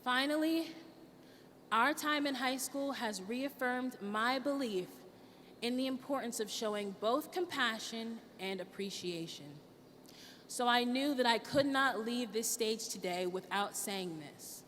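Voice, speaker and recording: This is a young woman's graduation speech, earnest and full of emotion as she addresses her class. She speaks a little slowly in a slightly bright, higher-pitched voice. Recorded from a distance, the audio carries long hall reverb and a faint hiss.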